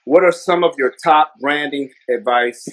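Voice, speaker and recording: A man's voice: on the high side, unhurried, rough recording. A man hosting a casual interview, friendly and affirming, who works scripture into the chat. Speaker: interview host.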